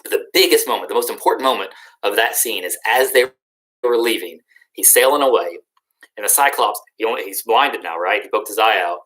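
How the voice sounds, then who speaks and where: A man's voice: on the low side, fairly quick, a bit bright, low-quality recording. A young adult male teacher recapping a story in a recorded lesson, in a casual, slangy and joking way.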